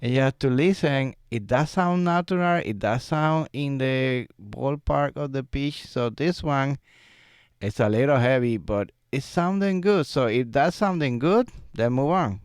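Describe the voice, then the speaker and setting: A man teaching a music software tutorial, explaining step by step in a relaxed way and laughing often. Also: medium pitch, measured pace. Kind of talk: screen-recorded software tutorial. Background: vocal track playback.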